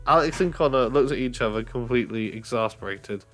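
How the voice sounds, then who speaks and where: A man's voice: medium pitch, brisk, fairly bright tone, soft background music. A man casually reading a storybook aloud, laughing at his own slips and restarting lines. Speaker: reader of a children's book. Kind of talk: casual read-aloud narration.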